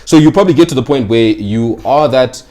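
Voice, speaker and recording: A man's voice: mid-range voice, fairly quick, darkish tone. A man who is a guest on a podcast, speaking earnestly and with emphasis. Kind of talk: casual interview chat.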